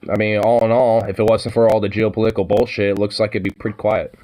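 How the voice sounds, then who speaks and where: A man's voice: fairly low pitch, flat delivery, quick pace, warm tone, low-quality recording. A man in a casual, rambling monologue, swearing a lot and full of fillers.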